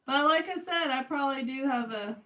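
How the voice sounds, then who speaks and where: A young woman with a Californian accent chats casually to her stream while painting. Her voice sits a little high and sounds slightly distant from the microphone. She laughs often and speaks straight to her viewers. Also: fairly quick, sharp tone. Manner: chatty, laughs often, talks to chat. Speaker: art streamer.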